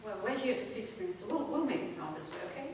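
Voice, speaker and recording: A woman's voice: a little high, sing-song, quick pace, noisy background. A woman piano teacher coaching a student in a masterclass, encouraging and laughing often, exaggerating to make her point. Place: recital hall with piano. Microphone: distant room mic. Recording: echoey hall from far off. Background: piano playing.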